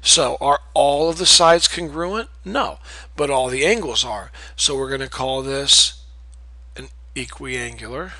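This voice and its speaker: A man's voice: mid-range voice, unhurried, sharp tone, no room sound, poor audio. A man teaching a math lesson in a patient, explanatory way, repeating key terms and checking in with "okay?". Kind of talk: recorded classroom lecture.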